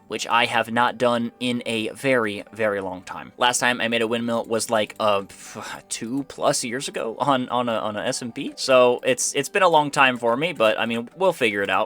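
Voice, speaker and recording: A young man talks his way through a building session, rambling and correcting himself as he goes. His voice is bright and forward, mid-pitched. Faint music plays under him. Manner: rambling, self-talking, easily startled. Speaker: gaming YouTuber. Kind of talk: casual gameplay commentary.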